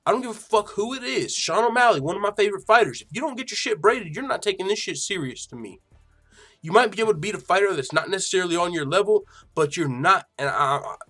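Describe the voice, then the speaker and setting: A man's voice: high voice, animated, fast talker, a bit bright, faint music behind. A slightly tipsy man hosting a live fight reaction stream, rambling and swearing in casual, boastful talk. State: a little tipsy. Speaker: livestream host reacting to fights.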